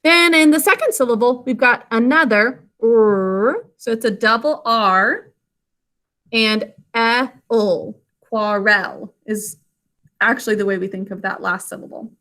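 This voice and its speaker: A woman teaching an online spelling lesson to children, speaking slowly and clearly. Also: on the high side, pushed and bright. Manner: slow, clear enunciation for children.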